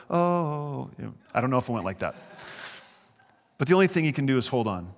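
A man's voice: mid-range voice, very animated, fairly quick, in a large hall. A man preaching a verse-by-verse sermon as a pastor, conversational and earnest, with brief chuckles. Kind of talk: sermon, verse-by-verse Bible teaching.

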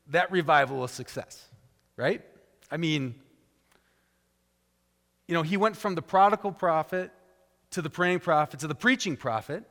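A man delivering a sermon in a fairly high voice. He retells a story and jumps into raised, animated voices for the characters he quotes. His words ring out with a long echo, as in a large church hall. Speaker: preacher.

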